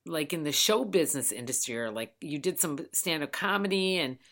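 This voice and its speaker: A woman's voice: sits low, expressive, brisk, fairly bright tone. A woman hosting a podcast over the phone, chatting casually, rambling and swearing freely. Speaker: podcast host. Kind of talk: casual chat. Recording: phone line.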